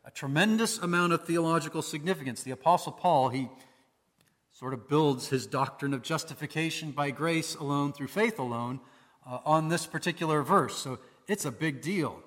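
Male pastor, conversational sermon delivery, slightly high voice, long hall reverb. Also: normal speed, fairly bright tone. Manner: conversational preaching with rhetorical questions.

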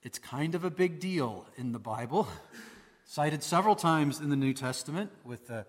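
A man's voice: fairly high pitch, expressive, moderate pace, in a large hall. A man preaching a sermon in a conversational way, posing rhetorical questions to his listeners. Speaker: pastor.

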